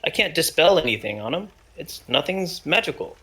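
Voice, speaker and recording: A man's voice: on the high side, very animated, moderate pace, bright, forceful tone. A man playing a tabletop game, thinking aloud hesitantly and asking the game master questions. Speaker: player.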